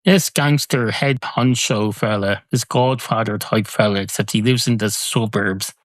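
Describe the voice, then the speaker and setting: A man's voice: lowish voice, steady tone, measured pace, dry recording. A man hosting a comedy podcast alone, rambling through silly musings and correcting himself mid-thought. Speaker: podcast host. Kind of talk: comedic solo monologue.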